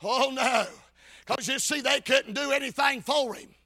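A man preaching a shouted revival sermon with a chanted cadence, folksy rural speech and frequent calls of "Amen". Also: extremely high pitch, a little slow.

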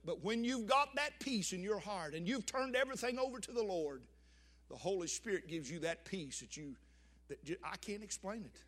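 An older man preaching a sermon, with emphatic swells and sudden drops. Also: high voice.

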